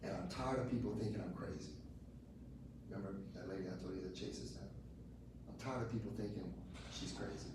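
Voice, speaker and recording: Low-voiced man telling an emotional testimony. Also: brisk, long pauses. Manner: emotional, conversational storytelling with many restarts. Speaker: speaker giving a testimony. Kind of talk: personal testimony to a group. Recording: echoey room from far off with ambient noise.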